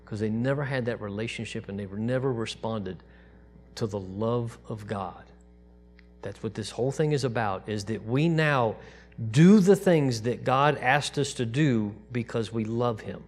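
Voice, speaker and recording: A man preaching a sermon to his congregation in a relaxed, conversational way, dropping to a soft, quiet voice when he quotes God. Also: mid-range voice, a little slow, soft background music. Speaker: pastor.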